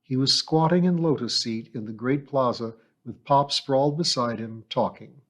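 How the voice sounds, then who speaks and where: A man reads a novel aloud in a steady, measured storytelling voice. His pitch sits at an ordinary middle level, and his delivery stays even and unhurried, like a calm audiobook narration. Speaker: audiobook reader.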